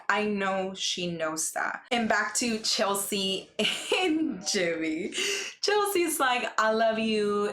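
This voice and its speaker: A woman giving a casual, gossipy show recap, chatty and acting out what people said in lively voices. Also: medium pitch, echoey room, a little hiss or hum. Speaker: recap vlogger.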